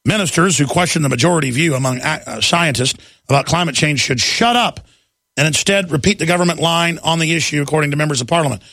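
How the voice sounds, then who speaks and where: A man hosting a talk radio show, ranting in a fast, combative way and slipping into mocking impressions. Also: fairly high pitch, gravelly, fairly bright tone, no echo. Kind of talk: heated political talk radio monologue.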